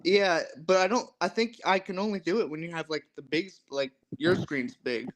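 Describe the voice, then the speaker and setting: A man with a fairly high voice joins a casual live chat as co-host. He mostly gives short replies and reads out viewer comments. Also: normal speed.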